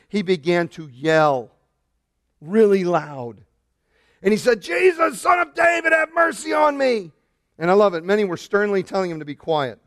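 Animated man preaching a sermon. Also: high voice, no room sound, clean studio sound. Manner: animated preacher, shouting out quoted lines. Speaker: pastor.

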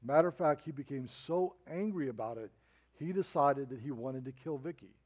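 A man's voice: medium pitch, moderate pace, darkish tone. A middle-aged man preaching a sermon as pastor, telling a story with emphatic rises and drops.

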